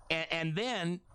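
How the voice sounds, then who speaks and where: A man's voice: on the high side, pushed and bright, clean tone. A middle-aged man hosting a casual talk radio show from a studio, rambling and apologetic as he reminisces. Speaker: radio and webcast host.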